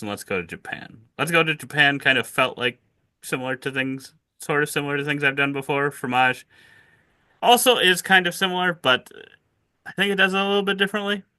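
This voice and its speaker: A man's voice: mid-range voice, pushed and bright. A man co-hosting a board game channel, chatting casually and hedging, often restarting his phrases. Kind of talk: casual chat reacting to award nominees.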